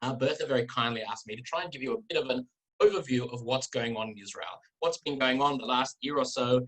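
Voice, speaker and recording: A middle-aged man with an Australian accent, giving a relaxed talk as a guest speaker over a video call, often repeating words. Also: medium pitch, fast, rough recording. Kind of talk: informal talk with anecdotes.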